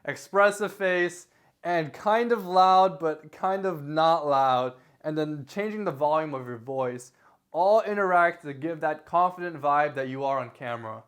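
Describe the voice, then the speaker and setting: A man's voice: a little high, clean tone. A young man casually giving tips to the camera in a rambling, self-correcting way, gesturing with his hands as his volume rises and falls. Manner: rambling, self-correcting, lively delivery with varied loudness. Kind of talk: casual talking-head advice vlog. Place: indoor room, recording himself. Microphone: camera facing him.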